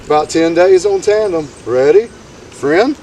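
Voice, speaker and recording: A man's voice: a little high, expressive, a little slow, warm tone. A man coaching a dog obedience session with upbeat, encouraging commands, recorded outdoors. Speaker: dog trainer. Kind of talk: coaching commentary during training. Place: outdoor training field. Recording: distant outdoor recording with faint noise.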